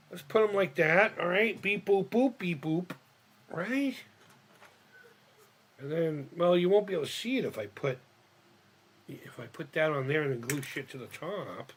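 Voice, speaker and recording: A man talks his way through a model build on a live stream, thinking out loud and swearing as he goes. His voice is husky and on the high side for a man, and it swings up and down a lot. He speaks slowly and often laughs at his own mistakes. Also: very animated. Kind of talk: casual live-stream chat while crafting.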